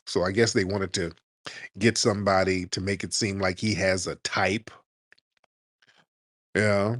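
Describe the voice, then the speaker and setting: A man's voice: low voice, little pitch movement, a little slow, pauses often, a bit bright, no echo. A man hosting a comedic commentary show, talking in a blunt, casual, mocking way and laughing often. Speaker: host.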